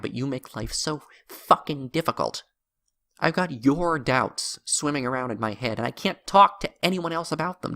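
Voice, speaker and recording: A man's voice: fairly high pitch, bright, forceful tone, voice pushed up, full character voice. A man voicing an agitated adult man who angrily accuses his friend, his voice rising as he rants.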